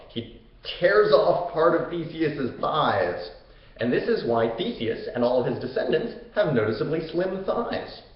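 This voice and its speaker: A young man hosting a comedic, casual retelling of an old myth in a slangy, joking way. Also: a little high. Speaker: host. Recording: echoey room, dull lo-fi sound.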